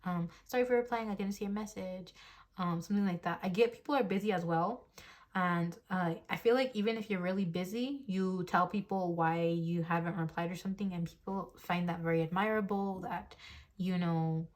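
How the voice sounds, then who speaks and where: A woman's voice: fairly low pitch, moderate pace. Meandering young woman reading tarot. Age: early 20s. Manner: meandering, chatty, thinks aloud. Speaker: tarot reader. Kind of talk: casual tarot reading to camera. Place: home desk. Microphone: phone mic.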